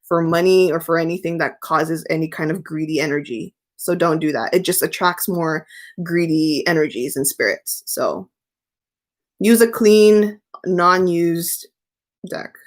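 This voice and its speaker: A woman's voice: sits low, measured pace. A young woman hosting a casual tarot live stream, reading out viewer questions and answering them candidly.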